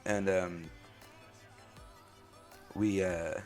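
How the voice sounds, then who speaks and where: Male podcast host, very low voice, halting and openly emotional storytelling. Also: little pitch movement, faint music behind. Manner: halting, full of "like" and "um" fillers. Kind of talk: personal storytelling.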